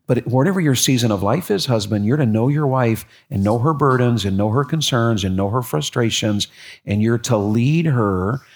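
A middle-aged man preaching a sermon, telling a personal story with lively repeats and sudden rises in his voice. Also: mid-range voice, moderate pace. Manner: animated storytelling, repeats words, voice jumps up when excited. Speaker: pastor.

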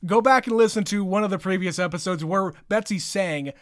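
A man in his thirties co-hosting a podcast, reading listener emails in a joking, playful, drawn-out manner. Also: sits high, clean tone, dry recording, studio quality. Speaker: podcast co-host.

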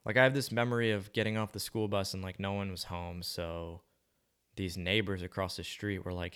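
A young man with a very deep voice talks in a loose, rambling monologue. He muses aloud in a laid-back, slangy manner and swears casually as he drifts from thought to thought. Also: steady tone, normal speed, fairly bright tone, clear, resonant tone.

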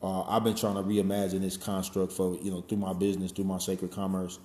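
A man in his forties speaks a little fast in a low, darkish voice with flat delivery, his casual monologue rambling along. He curses loosely and fills gaps with "you know" and "man," recorded in an echoey room.

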